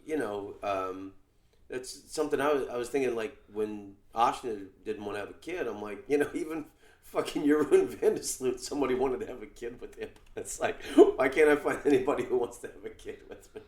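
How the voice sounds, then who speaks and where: A male comedian hosting a podcast, chatting casually in a rambling, halting way. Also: medium pitch, a little mellow. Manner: rambling, halting, many fillers. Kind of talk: casual chat. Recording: echoey room.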